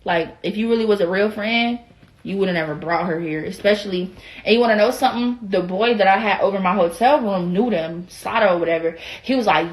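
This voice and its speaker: Captured in low quality, a young woman's mid-range voice moves fairly quickly through a livestream storytime rant. A social media personality, she's heated and profane, rambles, and keeps breaking in to ask whether you know what she's saying.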